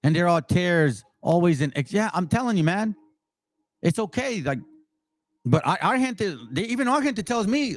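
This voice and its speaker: Blunt, fiery man, higher voice. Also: animated, moderate pace, dry recording. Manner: blunt and direct; fiery, emphatic. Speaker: Bible channel host. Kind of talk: casual Bible commentary with scripture reading.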